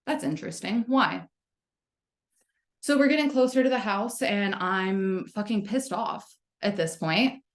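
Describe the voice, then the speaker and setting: A woman's voice: medium pitch, expressive, moderate pace. A young adult woman leading a spiritual gathering, telling a personal story in a candid, casual way with frequent swearing and check-ins with her listeners. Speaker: spiritual community leader. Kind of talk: casual spoken sermon.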